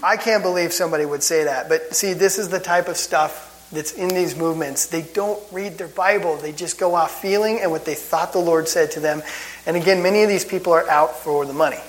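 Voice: mid-range voice, fairly quick, slight background noise. A Bible teacher giving a casual teaching talk with wry, chuckling asides, and gets worked up at times.

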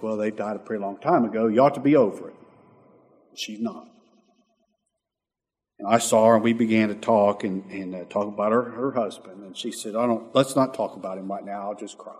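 Husky-voiced man preaching. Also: fairly low pitch, long reverb tail. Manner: preaching with rising emphasis and softer asides. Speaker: pastor. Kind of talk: sermon.

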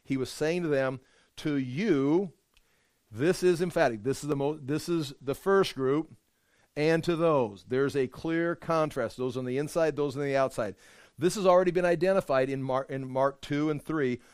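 A man's voice: on the high side, normal speed, darkish tone, clean tone, no echo, clean studio sound. A man teaching a verse-by-verse bible study, explaining as he goes and often repeating words while he thinks aloud.

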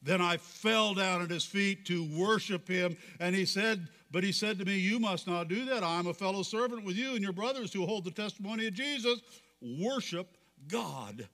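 A male pastor preaches and reads scripture aloud, his voice high and bright. He builds fervor as he goes. A long reverb from the church hall trails each phrase. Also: fairly quick, hardly any pauses. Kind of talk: sermon.

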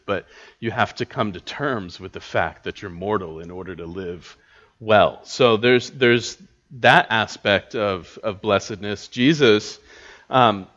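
A man teaching a church class on scripture, thoughtful and halting, with many filler words and restarts. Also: on the low side, a bit bright. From United States. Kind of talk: Bible teaching talk. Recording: dull lo-fi recording.

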